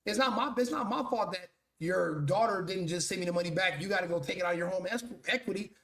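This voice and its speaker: A man's voice: high-pitched, fast, a bit bright, reverberant. A male show host delivering a blunt, profane, mocking commentary rant.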